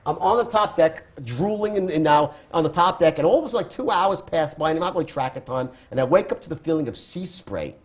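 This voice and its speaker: Guy rattling off a crazy story in an interview, quick and playful, voice a bit high. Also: animated. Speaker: interview guest. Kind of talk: storytelling anecdote.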